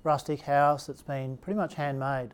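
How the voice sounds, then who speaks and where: A man's voice: fairly high pitch, moderate pace, smooth. Australian man telling his story. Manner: relaxed anecdotal storytelling with acted quotes. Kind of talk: storytelling talk.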